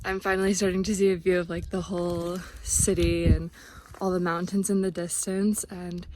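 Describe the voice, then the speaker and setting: A woman's voice: lowish voice, level tone, moderate pace, very noisy. A young woman vlogging outdoors as she hikes a mountain trail, chatty and upbeat, out of breath. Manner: chatty and upbeat, talking to camera on the move. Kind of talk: casual vlog narration while hiking. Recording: music bed under the voice.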